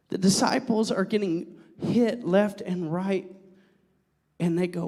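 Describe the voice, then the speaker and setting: A man's voice: high voice, takes it slowly, long pauses, a little mellow, big-room sound. A young adult male pastor preaching a sermon, joking with the congregation and then dropping to a near whisper. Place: church.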